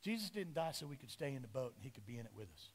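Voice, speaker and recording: A middle-aged male pastor preaching a sermon, lively and storytelling, acting out the voices of the people in his story. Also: medium pitch, rapid-fire, slightly rough, big-room sound. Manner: animated, acts out voices of biblical figures. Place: church sanctuary.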